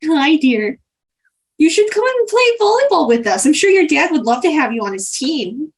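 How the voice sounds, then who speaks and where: A woman's voice: sits high, very animated, moderate pace, voice pushed up. Woman doing a sugary, doting older lady. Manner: sing-song, calls everyone dear. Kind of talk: tabletop role-play.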